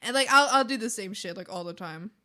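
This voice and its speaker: A woman's voice: medium pitch, lively intonation, quick pace, pushed and bright. A woman art streamer chatting casually with her viewers, telling stories with frequent laughter and acting out the people in them. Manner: laughs often, acts out the other side in her stories. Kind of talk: casual chat while drawing on stream.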